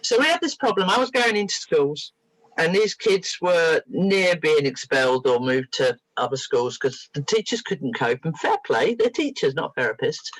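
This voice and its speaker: Low and slightly rough, this middle-aged woman's voice swoops up and down as she animatedly recounts therapy stories on a talk show, playing the characters herself. There's no echo; the sound is dry and close, though the audio is poor.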